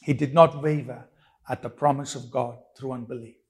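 A man's voice: medium pitch, steady tone, normal speed, breathy edge. A man preaching a sermon, emphatic and repetitive, with rhetorical questions and frequent restarts.

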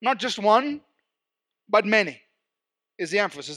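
A man's voice: sits high, big pitch swings, a little slow, long pauses, sharp tone. A man preaching a teaching sermon, explaining Greek words and stressing key terms as he goes.

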